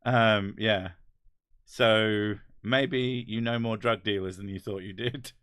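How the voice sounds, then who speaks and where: A man's voice: on the low side, steady tone, slow pace, fairly bright tone, clear, resonant tone, no echo, studio quality. A man with an English accent, hosting a casual chat, rambling and wry with casual swearing. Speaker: host. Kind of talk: casual chat reading comments.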